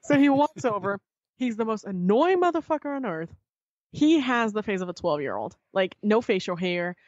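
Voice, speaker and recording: A woman guest on a podcast, telling a story in casual chat, animated and swearing freely as she acts out what others said. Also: mid-range voice, moderate pace, no room sound, lo-fi sound.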